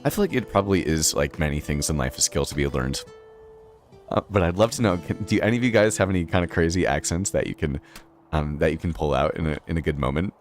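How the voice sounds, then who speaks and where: Deep-voiced Boston man, chatty streamer. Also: fast talker, faint music behind. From Boston, Massachusetts. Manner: rambling, chatty, many fillers, laughs often. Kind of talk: casual live-stream chat while playing.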